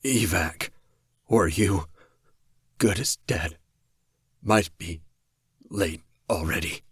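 A man's voice: deep voice, takes it slowly, husky, no echo, clean studio sound, heavily acted. A man voicing a badly wounded male superhero who forces out short, broken phrases through grunts and strain. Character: grievously wounded male superhero, gasping and defiant.

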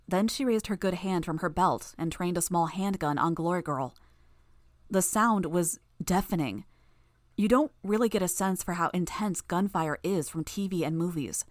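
A woman narrating a first-person audiobook in a steady storytelling manner. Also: lowish voice, normal speed, no echo, studio quality.

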